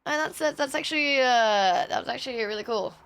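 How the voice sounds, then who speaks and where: A woman chatting on a live stream, telling animated stories with a lot of swearing and laughter. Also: sits high, fairly quick. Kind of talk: casual stream chat and storytelling.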